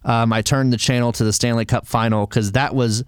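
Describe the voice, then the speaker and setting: Smooth-voiced opinionated man ranting. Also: mid-range voice, fairly even intonation, brisk, no echo, clean studio sound. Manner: passionate, argumentative, sarcastic asides. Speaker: wrestling podcast host. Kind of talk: opinionated solo commentary.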